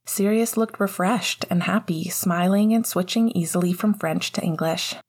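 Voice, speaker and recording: A woman narrating a novel chapter in a low, breathy voice. Her delivery is soft and often slips into a near whisper. The reading feels close and quiet. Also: normal speed. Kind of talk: audiobook reading of fiction.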